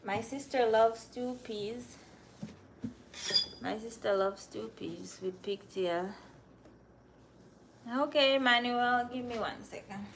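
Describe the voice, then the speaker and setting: A woman's voice: on the high side, takes it slowly, creaky, long pauses, background noise. A young Jamaican woman with a Jamaican accent, chatting with viewers on a cooking livestream and answering their comments. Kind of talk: casual live-stream chat while cooking.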